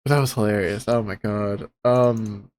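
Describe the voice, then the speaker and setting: A man's voice: fairly low pitch, steady tone, a little slow, a little mellow. A man playing a tabletop game, talking casually with laughs and swearing. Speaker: player.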